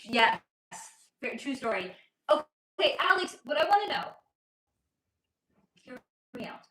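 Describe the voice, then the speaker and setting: High-voiced chatty woman in echoey room. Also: very animated, a little slow, a bit bright. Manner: chatty and playful, laughs often, teasing. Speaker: livestream host and spiritual reader. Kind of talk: casual livestream chat, answering viewer comments. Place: at home with her child nearby.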